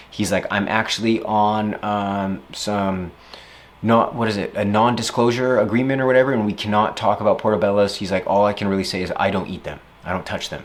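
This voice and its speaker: A man's voice: lowish voice, steady tone, a little fast. Man, reflective interview monologue, rambling and casual, voice lifts when he quotes himself.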